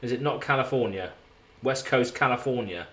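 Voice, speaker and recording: A man's voice: mid-range voice, normal speed, a bit bright. A man streaming from a hotel room, chatting casually and rambling as he answers viewers in his live chat.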